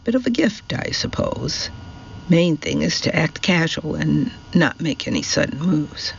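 A man voicing Brian, a cheerful middle-aged male volunteer who talks in a casual, unhurried, matter-of-fact way. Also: on the high side, expressive, gravelly, dull audio, a little hiss or hum. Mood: easygoing.

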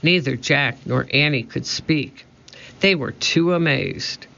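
A man narrating a children's storybook in a steady, expressive reading, in a muffled lo-fi recording. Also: a little high, takes it slowly, vocal fry. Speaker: audiobook narrator. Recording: muffled lo-fi audio.

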